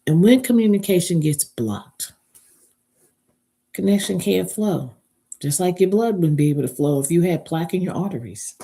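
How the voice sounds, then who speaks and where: A woman's voice: fairly low pitch, expressive, normal speed, warm tone, breathy edge. A woman speaking as a relationship speaker in a live motivational talk. She talks emphatically, spells out key words letter by letter, and asks listeners to repeat after her.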